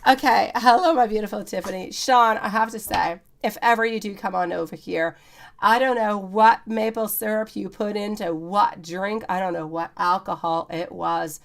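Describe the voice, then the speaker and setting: Lady doing live tarot readings, calls everyone sweetie, some fry in her voice. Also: medium pitch, fairly even intonation, moderate pace. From Quebec, Canada. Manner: chatty, keeps calling viewers sweetie. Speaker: tarot reader.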